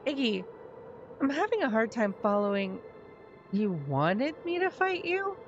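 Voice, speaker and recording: A woman streamer reading the lines of an earnest, kind-hearted boy from a story game, gentle and sincere. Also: on the high side, big pitch swings, unhurried, dull audio, faint music behind.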